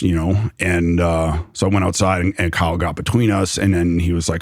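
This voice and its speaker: Young man, low voice, dry room, rambling storytelling, casual fillers. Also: level tone, moderate pace, few pauses, no room sound. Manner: loose, rambling with many fillers. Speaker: storyteller recounting his past. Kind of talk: personal story in conversation.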